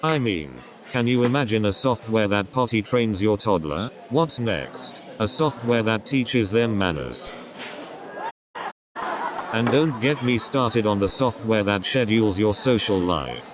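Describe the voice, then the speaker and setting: Low-voiced man doing stand-up with crowd behind. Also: expressive, unhurried. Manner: rambling setups with repeated catchphrases. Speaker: AI stand-up comedian. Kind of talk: stand-up comedy routine.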